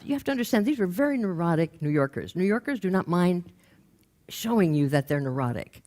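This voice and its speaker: Older woman, low voice, from los angeles, humorous stage storytelling, quotes people. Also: big pitch swings, brisk, a little mellow. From Los Angeles, USA. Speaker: speaker. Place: stage before a live audience.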